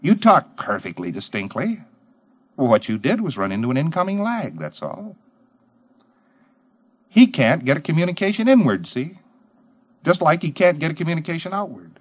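Man, lecturer, emphatic, rhetorical questions, animated pitch, muffled old tape. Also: normal speed, long pauses. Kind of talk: lecture to trainee auditors.

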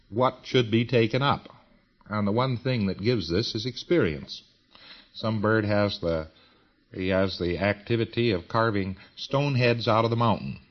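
A man's voice: lowish voice, dull audio. A man giving an informal lecture in a folksy, emphatic way, with slang and repeated phrases.

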